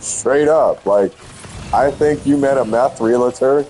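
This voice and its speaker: A man's voice: mid-range voice, slow pace, mellow, soft background music, poor audio. A man chatting casually while playing a game, teasing his friend with profane banter. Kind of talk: casual chat.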